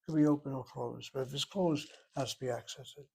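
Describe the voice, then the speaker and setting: An older man lectures on grammar in a measured, methodical way. His voice sits in an ordinary middle pitch, and he walks through each rule one step at a time. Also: steady tone, gravelly, a little mellow, slightly rough. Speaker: Hebrew teacher.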